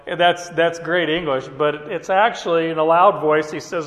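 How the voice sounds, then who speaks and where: A man teaching from the Bible in a relaxed, conversational way, often chuckling between points. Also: on the high side, unhurried. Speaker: preacher. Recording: echoey hall reverb.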